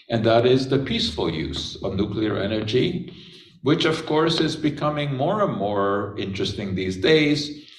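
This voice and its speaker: An older man giving a conversational science lecture to an audience, often pausing on "uh" and "of course". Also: mid-range voice. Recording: echoey hall from far off.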